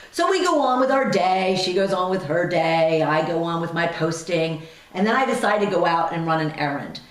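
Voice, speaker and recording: A woman's voice: fairly low pitch, far from the mic. A woman hosting a radio talk show, telling a personal story in a chatty way with many asides and fillers. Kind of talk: casual storytelling monologue. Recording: echoey room, voice off-mic.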